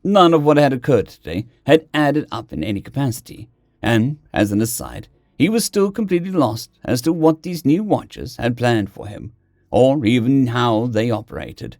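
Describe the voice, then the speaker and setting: At a moderate pace, a man narrates a fiction story with expressive, animated delivery, his pitch moving lively through every sentence. The mic is close and the sound is dry, with no room sound.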